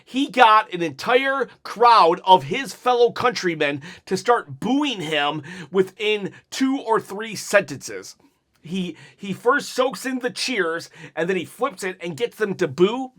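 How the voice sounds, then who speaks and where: A man's voice: high voice, animated, takes it slowly, a bit bright. A man giving an enthusiastic, rambling one-take review of a wrestling show while his mouth is sore from dental work.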